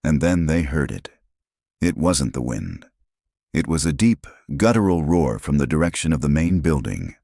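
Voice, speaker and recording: Extremely deep-voiced male story narrator. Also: animated, moderate pace, creaky, warm tone, dry recording, clean studio sound. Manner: dramatic, suspenseful delivery.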